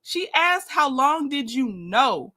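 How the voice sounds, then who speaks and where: Bright-voiced woman hosting a live chat. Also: sits high, sing-song, takes it slowly. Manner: chatty, talks to viewers, reads texts aloud. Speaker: livestream host. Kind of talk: casual live commentary.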